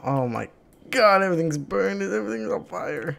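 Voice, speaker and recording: A man giving excited gameplay commentary, exasperated and shouting at the characters on screen. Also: fairly high pitch, normal speed, gravelly. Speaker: gaming channel host.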